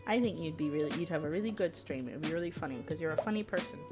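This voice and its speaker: A woman's voice: sits low, fast talker, loud music behind the voice. A woman chatting casually while baking on a live stream, teasing and laughing often. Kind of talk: casual chat while cooking.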